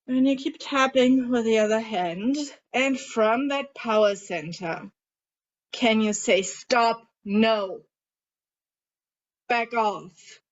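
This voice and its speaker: Woman coach guiding a group, lo-fi. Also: fairly high pitch. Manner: calm, guiding, asks the group questions. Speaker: coach leading a group tapping session. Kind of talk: guided coaching instruction. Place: online group session. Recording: dull lo-fi audio.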